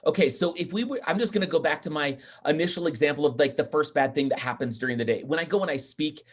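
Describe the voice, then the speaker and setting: A man speaking as a podcast guest, talking in an energetic, emphatic and chatty way. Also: fairly high pitch, fast talker, slight background noise. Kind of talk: casual interview talk.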